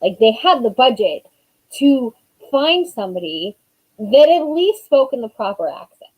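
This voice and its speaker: A woman's voice: a little high, big pitch swings, measured pace, muffled recording. A woman in her thirties, an author chatting casually on a live stream, rambling with lots of fillers.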